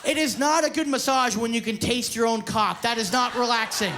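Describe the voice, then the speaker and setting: A man, a stand-up comedian telling a story loudly and profanely on stage. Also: very high-pitched, a little fast, few pauses, music in the background. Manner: loud, profane, often yelling. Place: theater stage before a live audience. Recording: live show with audience laughter.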